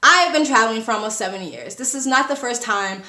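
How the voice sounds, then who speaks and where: A woman travel vlogger telling a story in a casual, animated way and acting out the scenes. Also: a little high, fast, echoey room.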